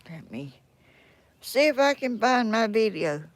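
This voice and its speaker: An older woman from Georgia, United States, with a Southern American accent speaks in a slightly high, sing-song voice, a little slowly, on a dry recording. Hosting a casual live stream outdoors in the sun, she chats in a flustered, self-deprecating, folksy rural way as she struggles with her phone and tablet.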